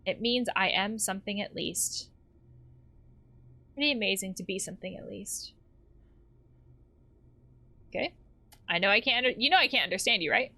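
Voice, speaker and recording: A woman's voice: medium pitch, moderate pace, creaky, long pauses, bright, forceful tone. A woman playing a game, reading the characters' lines aloud and adding her own comments. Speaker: let's play host.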